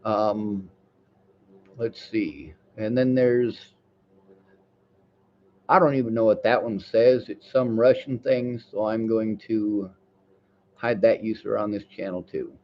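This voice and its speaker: A man's voice: on the low side, takes it slowly, pauses often, highs cut off, slight background noise. A man livestreaming, reading viewer messages and lecturing in a heated, profane rant.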